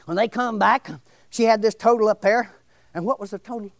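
A middle-aged man, preaching a testimony sermon in a loud, exclamatory way, often shouting. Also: high voice, steady tone, a little fast, no room sound. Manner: shouting, exclamatory, breaks into laughs.

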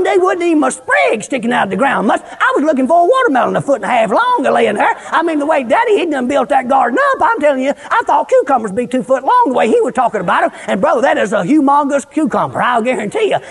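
High, gravelly preacher. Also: male voice, fast, hardly any pauses. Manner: excitable, shouting, humorous. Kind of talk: folksy sermon storytelling.

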